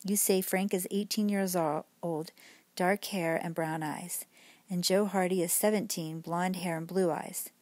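A woman's voice: fairly low pitch, fairly even intonation, a little slow, a little mellow, no echo. A woman voicing a blunt, sarcastic male police detective in a bedtime story, curt and dry in manner. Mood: brisk.

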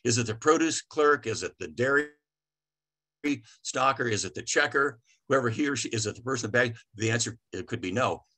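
A man's voice: mid-range voice, expressive, brisk, pushed and bright. A middle-aged man giving a customer service seminar, folksy and anecdotal, with plenty of fillers and restarts. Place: presentation to a chamber of commerce audience.

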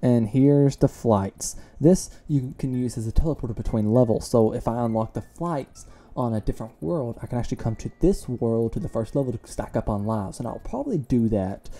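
A young man casually commenting while he plays a video game, chatty and self-mocking, with sudden loud reactions to close calls. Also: mid-range voice, animated, fairly quick, hardly any pauses. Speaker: let's play gamer.

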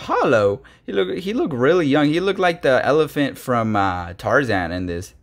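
Chatty young man with slangy excitement. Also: medium pitch, normal speed, a little hiss or hum. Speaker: card-opening channel host. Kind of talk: casual card-opening chat.

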